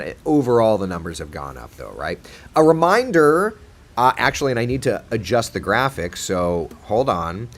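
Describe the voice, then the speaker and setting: A man's voice: on the low side, sing-song, normal speed. A man hosting a casual live chat as a TV meteorologist, playful and chatty as he answers viewers' comments.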